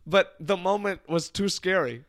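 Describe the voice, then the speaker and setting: A man with a high voice tells a story with lots of energy and frequent laughs. He is getting over an illness and has a cough. The sound is dry and close. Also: a little slow, no room sound. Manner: animated storyteller, laughing often. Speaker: podcast co-host. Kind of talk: casual chat.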